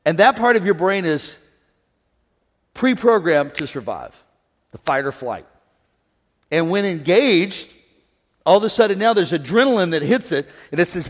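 A middle-aged male pastor preaches on a wireless mic to a live congregation, his fairly high voice trailing into a long hall reverb. He is animated, swinging from loud excitement down to hushed calm. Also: moderate pace, pauses often. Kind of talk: sermon. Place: large church hall with an audience. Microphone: wireless stage mic.

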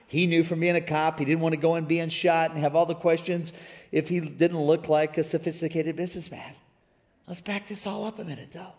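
A middle-aged man from Missouri preaching a sermon, telling a story with animated energy and calling out to the congregation. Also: sits high. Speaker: pastor. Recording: reverberant church hall.

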